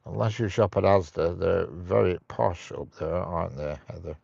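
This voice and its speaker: A man's voice: sits low, normal speed, creaky, a little mellow, no echo, lo-fi sound. A man hosting a casual live stream, joking and chatting with viewers as he reads their comments. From United Kingdom. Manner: chatty, jokey, laughs at his own jokes.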